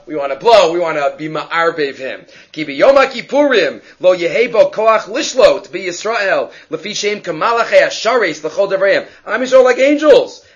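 Male Torah teacher, high voice, animated, muffled recording. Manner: animated, acts out story voices, mixes Hebrew terms. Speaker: Talmud teacher. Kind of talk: daily Torah class. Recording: dull lo-fi recording.

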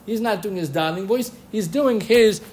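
High-voiced man teaching Jewish law. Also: moderate pace, husky. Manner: lively, quotes rabbinic sources, chants Hebrew phrases. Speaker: Torah teacher. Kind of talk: halachic lecture.

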